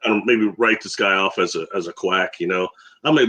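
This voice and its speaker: A man's voice: low-pitched, brisk, pushed and bright. A man who is a guest on a radio talk show, telling rambling stories with frequent laughs and acting out the voices of people he quotes.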